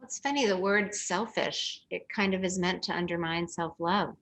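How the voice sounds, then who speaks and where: A woman's voice: fairly low pitch, moderate pace, fairly bright tone. A woman hosting an interview, a supportive and affirming listener. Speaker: podcast host. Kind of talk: conversational interview.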